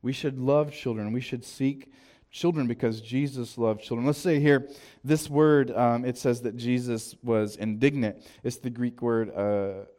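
Southern male pastor, chatty sermon delivery, mid-pitched voice. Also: steady tone, warm tone. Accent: Southern American. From American South. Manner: conversational preaching, quick asides and restarts.

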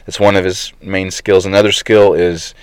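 Deep-voiced male pastor, thirties, relaxed preaching with ums, crisp tone. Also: moderate pace, no room sound. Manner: conversational preaching with fillers. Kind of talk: sermon.

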